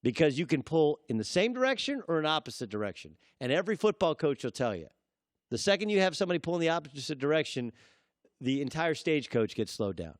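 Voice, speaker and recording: Man, sports talk host, emphatic monologue, very expressive pitch, dry studio sound. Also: quick pace, no room sound. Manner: emphatic, acts out quotes in voices. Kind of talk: opinionated sports commentary monologue.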